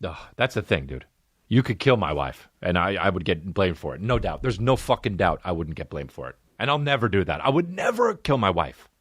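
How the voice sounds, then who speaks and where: A man hosting a podcast, ranting casually and swearing freely. His pitch leaps around expressively. The studio sound is close and dry. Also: a little fast, breathy edge, dry recording. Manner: animated, profane, sweary. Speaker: podcast host. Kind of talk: casual comic rant.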